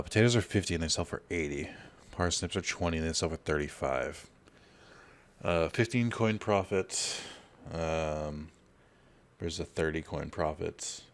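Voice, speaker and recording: A man giving casual gameplay commentary, rambling through a personal story with lots of fillers. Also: rumbling low. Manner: rambling, filler-heavy, storytelling while playing. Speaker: let's play host.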